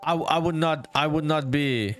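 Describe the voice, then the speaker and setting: Young male indie dev on a live stream; relaxed, profane chat with viewers, voice a touch high, quiet music bed. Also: normal speed. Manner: profane, laid-back, reads chat aloud while working; calls viewers "dude". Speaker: solo indie game developer streaming live.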